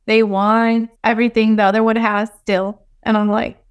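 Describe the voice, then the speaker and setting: A woman's voice: a little high, flat delivery, normal speed, clean tone, muffled recording. A woman in her thirties from Texas, a podcast guest chatting in an easygoing way and laughing often. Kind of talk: casual chat.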